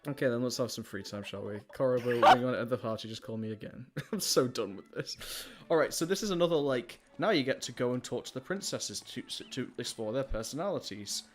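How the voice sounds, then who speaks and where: A streamer giving casual, rambling commentary on a game, chatty and quick to laugh. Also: medium pitch, expressive, noisy background. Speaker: let's play streamer.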